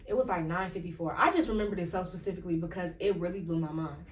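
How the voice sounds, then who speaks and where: A woman's voice: fairly low pitch, fast talker. A woman hosting a podcast, talking in a casual, rambling way with lots of "like" and "um" fillers. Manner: rambling, chatty, full of "like" and "um". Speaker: podcast host. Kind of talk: casual solo commentary. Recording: echoey room, distant from mic.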